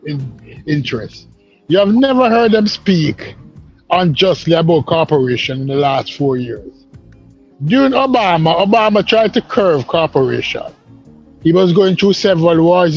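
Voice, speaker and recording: A man from the Caribbean calls into a live panel, lecturing earnestly and repeating his points. His voice is husky and rather high for a man. The call audio sounds dull and lo-fi, with faint music behind him. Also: a little mellow. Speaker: caller on a live stream panel. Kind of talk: casual political discussion.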